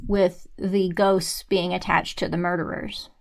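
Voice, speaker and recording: A young adult woman co-hosting a book podcast in easy, casual conversation. She agrees readily, laughs often and lays out her reasoning in quick asides. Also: on the low side, little pitch movement, vocal fry. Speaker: podcast co-host. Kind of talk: casual book-discussion chat.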